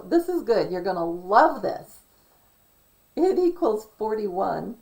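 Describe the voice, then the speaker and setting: A woman's voice: mid-range voice, sing-song, a little slow, creaky, darkish tone, rough recording. A woman vlogger giving rambling commentary, reading from her notes and often stopping to correct herself. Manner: self-correcting, digressive, reads from notes. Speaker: conspiracy vlogger.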